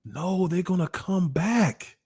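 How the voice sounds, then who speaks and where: Emphatic man with a lively, mellow voice. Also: sits high, slow pace, breathy edge. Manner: emphatic, repetitive, preachy delivery. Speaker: host. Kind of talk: casual monologue on relationships.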